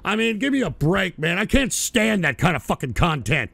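A man's voice: high voice, big pitch swings, normal speed, vocal fry, pushed and bright, no echo. A man hosting a live talk stream who reads out chat names in a profane, sarcastic ramble. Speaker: streaming talk show host.

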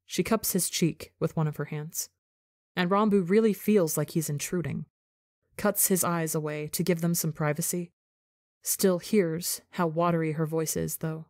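A woman narrating a fan fiction story for a podcast, an intimate, expressive reading. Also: lowish voice, normal speed, no echo, studio quality. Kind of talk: scripted narration.

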